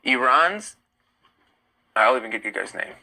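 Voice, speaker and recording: A young American man hosts a laid-back live stream, reading viewer comments aloud and animatedly arguing his answers. His mid-range voice keeps a measured pace, and the recording quality is low.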